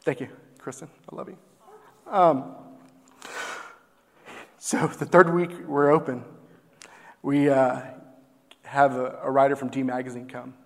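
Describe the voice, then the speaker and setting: A man's voice: mid-range voice, steady tone, measured pace, gravelly, pauses often. A young man from Texas, a barbecue business owner, earnestly telling a heartfelt personal story on stage with plenty of fillers. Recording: long hall reverb.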